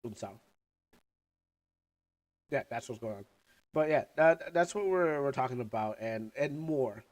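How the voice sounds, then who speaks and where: A young man with a sick, cough-prone voice chats loosely on his livestream. He rambles, restarts and trails off. He talks around candy in his mouth, at an ordinary middle pitch. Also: expressive, measured pace. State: sick, coughing, recovering lungs. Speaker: streamer. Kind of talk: casual livestream chat.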